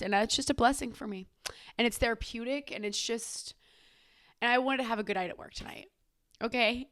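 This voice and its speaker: A woman's voice: on the high side, a bit bright, dry recording, studio quality. A young adult woman hosting her own podcast, talking casually in a sassy, chatty way and swearing freely. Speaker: podcast host. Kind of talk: casual chat.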